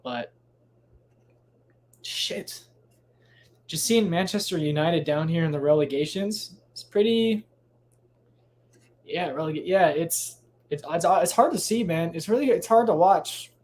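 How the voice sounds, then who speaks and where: Recording at home late at night, this solo podcast host speaks in a man's somewhat high, slightly mellow voice. His talk is a casual ramble packed with swearing, restarts, and tangents.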